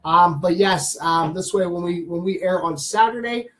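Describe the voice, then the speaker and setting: A man on a casual livestream, talking about and cooing softly to a baby pet lizard, with many fillers. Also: high voice, moderate pace, a little hiss or hum, low-quality recording. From Canada. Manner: chatty, many fillers, coos softly at the animal. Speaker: streamer showing a pet lizard.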